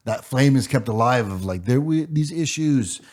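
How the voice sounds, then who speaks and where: A man hosting a casual podcast chat, talking in halting bits with many fillers and trailing off. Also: medium pitch, expressive, a little mellow. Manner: hesitant, filler-heavy, trailing off. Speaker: podcast host.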